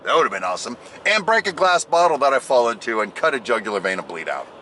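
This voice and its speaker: This American man talks fast in a mid-range voice while spinning a playful tale for his vlog. His delivery is lively and comic, jumping into loud outbursts and impressions of other people, and there's a touch of background noise.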